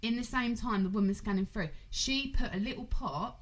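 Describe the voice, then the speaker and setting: A woman's voice: a little high, moderate pace, rough recording. A woman in her thirties co-hosting a podcast, telling stories with a lot of swearing and laughter. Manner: animated storyteller, swears freely, laughs a lot. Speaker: podcast co-host. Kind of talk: casual chat.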